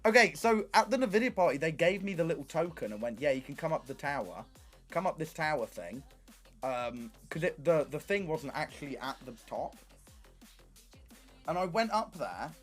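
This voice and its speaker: A young man streaming, telling stories in casual chat, animated and swearing often. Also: fairly high pitch, normal speed, faint music behind.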